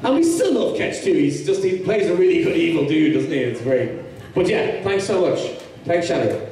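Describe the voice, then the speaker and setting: A man's voice: a little high, very animated, normal speed, vocal fry, dark tone, slight background noise. Irish man in an echoey hall. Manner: rambling, with many restarts and easy humor. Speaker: actor guest at fan convention panel. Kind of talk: casual Q&A panel talk. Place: large convention hall with audience. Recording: echoey hall, mic from far off.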